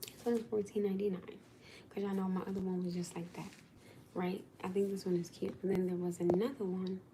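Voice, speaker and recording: A woman's voice: mid-range voice, level tone, a little fast, warm tone, a little hiss or hum. A woman casually chatting to viewers on a livestream, talking in an exasperated, chatty way to the people watching.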